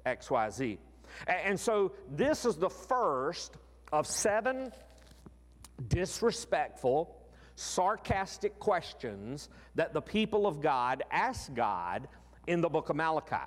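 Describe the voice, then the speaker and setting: A man preaching a sermon in an expressive way, slowing down to stress key words. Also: a little high, big-room sound. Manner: expressive, slows down for emphasis.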